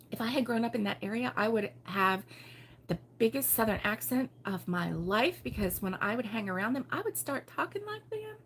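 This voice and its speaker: A woman from Baltimore hosting a relaxed morning livestream, chatting and giggling as she reads viewer comments aloud. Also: a little high, slight background noise. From Baltimore, USA. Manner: chatty and giggly, with frequent fillers and laughs. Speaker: host of a crochet livestream. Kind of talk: casual morning chat reading viewer comments.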